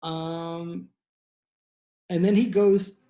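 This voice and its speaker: A man's voice: sits high, fairly even intonation, very slow, mellow. Rambling, profane storytelling man. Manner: rambling, loose, profane, with many restarts. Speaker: playwright. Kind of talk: tipsy comic storytelling. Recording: echoey room.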